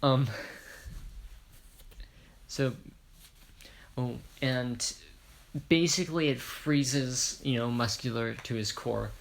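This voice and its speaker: Gravelly man rambling through a story. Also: mid-range voice, steady tone, extremely slow, pauses often. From Ireland. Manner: rambling, self-correcting, jokey asides. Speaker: fan storyteller. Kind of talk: casual spoken retelling of a fan story.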